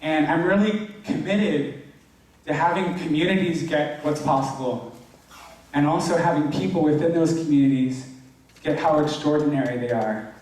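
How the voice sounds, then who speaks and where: A young man with a fairly high voice gives a casual, heartfelt sermon as a youth pastor, leaning on "like" and "you know". He sounds a little far from the mic, and his words ring through a very echoey church hall. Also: moderate pace, darkish tone. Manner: casual, earnest, heavy use of "like". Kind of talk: informal sermon.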